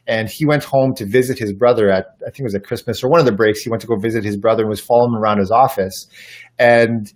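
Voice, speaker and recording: A man's voice: lowish voice, steady tone, fast. A man guest on a podcast interview, talking in an earnest, reflective way and telling stories, often restarting his sentences. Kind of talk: casual conversational interview.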